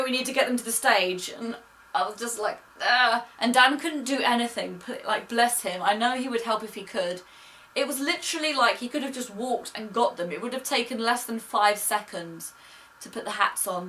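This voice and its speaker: Chatting and gushing through a story, a young vlogger quotes others in her own voice, sounding slightly high, a little fast, pushed and bright. A distant mic catches her casual vlog along with faint noise.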